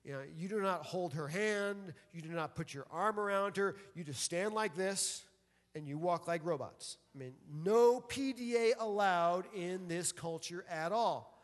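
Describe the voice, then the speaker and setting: A high-pitched male pastor delivers a chatty, humorous sermon and drops playful asides between points. His voice rings out with a long reverb tail through a large church hall. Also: a little slow. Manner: conversational and joking, with playful asides.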